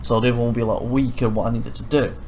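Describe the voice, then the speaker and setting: Here a man hosts a let's play, chatting loosely over footage of his own game; he wanders, corrects himself, and gets worked up retelling what annoyed him. His medium-pitched voice races along, and there's slight noise behind him.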